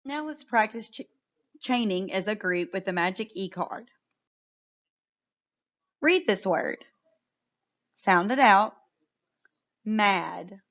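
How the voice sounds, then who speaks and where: A woman teaching a phonics lesson to young children, sounding out words clearly and praising often. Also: mid-range voice, animated, slow pace, pauses often, fairly bright tone, lo-fi sound.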